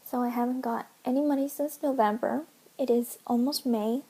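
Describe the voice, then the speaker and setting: A young woman in her twenties talks straight to her camera, earnest and emotional, often sinking into a whisper. Her voice sits high and husky, with a mellow, gravelly edge. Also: steady tone, moderate pace, poor audio. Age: 20s. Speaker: vlogger. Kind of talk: personal vlog, talking to camera.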